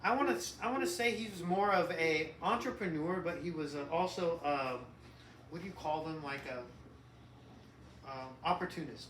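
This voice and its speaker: A middle-aged man co-hosting a casual podcast as the father, rambling and profane, breaking into loud mocking rants. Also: a little high, normal speed, slight background noise. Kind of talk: casual chat. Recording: echoey room, distant mic.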